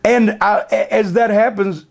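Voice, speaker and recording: A man's voice: high voice, fairly even intonation, unhurried, gravelly. A middle-aged man telling a heated, profanity-laden backstage story as an interview guest, sardonic and blunt.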